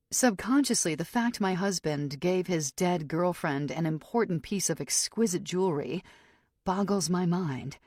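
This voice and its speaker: A woman narrating an audiobook in a measured, tense first-person voice. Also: deep voice, darkish tone, dry recording, clean studio sound. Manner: measured, tense inner monologue.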